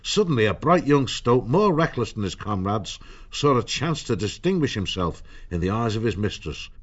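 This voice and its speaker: A man reading an audiobook in a measured storytelling manner. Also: on the low side, very animated, dull audio. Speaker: narrator. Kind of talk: audiobook narration.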